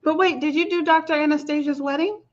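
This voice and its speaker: A woman's voice: sits high, steady tone, quick pace. A woman guest in a casual chat who reacts often and with enthusiasm. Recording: dull lo-fi audio.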